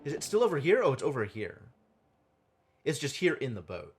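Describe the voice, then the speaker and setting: A man's voice: medium pitch, huge pitch swings, fairly quick, faint music behind. A man streaming a game live, thinking aloud and muttering counts to himself as he works through a puzzle. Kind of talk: live gameplay commentary.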